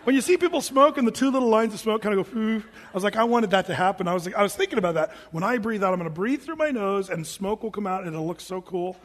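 A man's voice: high voice, expressive, fast talker, few pauses. A man in his forties, a pastor telling stories in a joking, conversational, self-mocking sermon. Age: 40s. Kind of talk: humorous storytelling sermon. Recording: echoey hall reverb.

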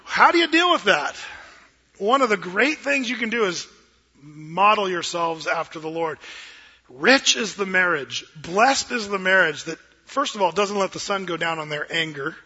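A middle-aged man, a pastor preaching a sermon in an animated, joking way that acts out quoted voices. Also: sits high, normal speed, husky, dull audio.

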